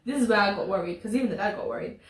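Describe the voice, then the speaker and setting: A woman co-hosting a casual review chat, animated, laughing often and acting out characters' lines. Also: mid-range voice, rapid-fire. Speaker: co-host. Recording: echoey room, distant mic, faint hiss.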